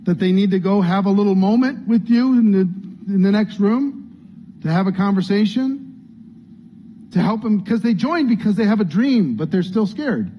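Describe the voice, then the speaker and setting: A man's voice: high voice, animated, unhurried, slight background noise. A man coaching a training group, earnest and conversational, acting out what people might say. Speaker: business coach. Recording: dull lo-fi sound, faint room ambience.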